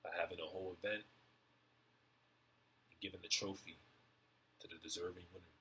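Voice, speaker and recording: A young man in a rambling stream-of-consciousness monologue, halting and repeating words as he muses over word definitions. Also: low voice, flat delivery, sharp tone, a little hiss or hum. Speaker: vlogger.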